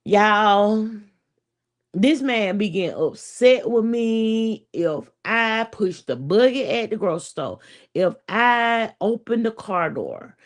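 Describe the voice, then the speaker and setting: A woman's voice: medium pitch, very animated, slow. A woman, telling a story to viewers in a casual, profane, chatty way. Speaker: vlogger.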